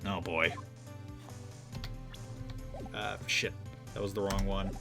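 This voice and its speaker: Young guy doing a let's play, slow jokey mumbly asides, bit of music under it. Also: low voice, level tone, gravelly. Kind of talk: game playthrough with voiced dialogue.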